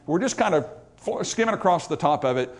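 A man preaches a sermon emphatically, swelling into loud, raised passages and dropping to quiet asides as he reads scripture in old-fashioned wording. His voice is on the high side, expressive, and a little fast.

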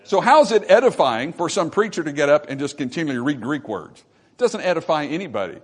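A man's voice: on the high side, sing-song, a little fast, husky. A man preaching a sermon from the pulpit, emphatic and repetitive, calling out "amen" to the congregation. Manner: repeats phrases for emphasis. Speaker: pastor.

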